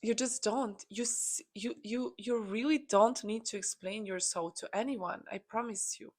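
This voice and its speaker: Woman, spiritual channeler, earnest, encouraging, lots of fillers, mid pitch. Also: steady tone, normal speed. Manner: earnest, encouraging, many "you know" fillers. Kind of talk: channeled message to viewers.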